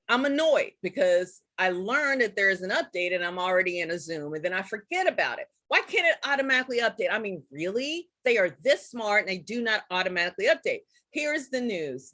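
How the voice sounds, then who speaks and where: Woman, live-stream host, casual tutorial, chatty, excitable, mid pitch, dry close sound. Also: moderate pace, no echo. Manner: chatty and excitable, addresses viewers as guys and y'all. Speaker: live-stream host teaching Zoom tips.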